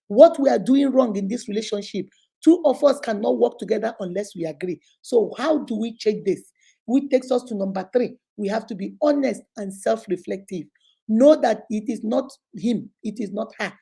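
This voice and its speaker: Her medium-pitched voice is warm, creaky and husky as this middle-aged woman with a Nigerian accent hosts a talk video. She gives relationship advice earnestly and with emphasis, now and then dropping into Igbo.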